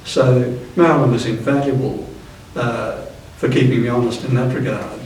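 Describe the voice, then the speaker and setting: Old guy in his 70s, thinking out loud, halting and restarting, super echoey room, mic kinda far off. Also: medium pitch, steady tone, slight background noise. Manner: halting, thoughtful, many restarts. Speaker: interviewee. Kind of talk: reflective reminiscing. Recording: roomy echo, distant mic.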